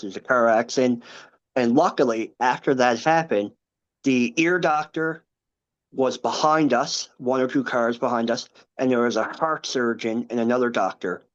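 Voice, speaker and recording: A man's voice: mid-range voice, dull audio. Man in his thirties telling his story. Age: 30s. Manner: earnest, halting storytelling with many asides. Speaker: podcast guest. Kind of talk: recounting a personal story in a podcast interview.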